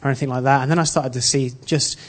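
A man giving an informal sermon built around a personal story, earnest and halting, with frequent restarts. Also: mid-range voice, steady tone. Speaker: church speaker.

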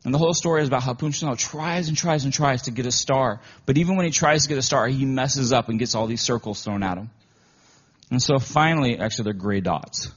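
Male preacher, husky voice, chatty emotional sermon delivery, dull lo-fi audio. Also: mid-range voice, fast talker. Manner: conversational storytelling, often emotional. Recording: dull lo-fi recording.

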